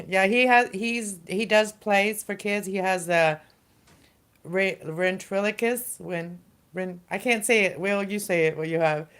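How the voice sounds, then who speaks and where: A middle-aged woman hosting a casual livestream, talking in a rambling, halting way with lots of fillers and restarts. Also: medium pitch, fairly bright tone. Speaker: livestream host.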